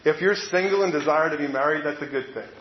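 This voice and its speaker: Male preacher, fairly high voice, relaxed conversational sermon delivery, roomy echo. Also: fast. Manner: conversational, reads quotes aloud, occasional repeated words. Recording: echoey room, slightly dull sound.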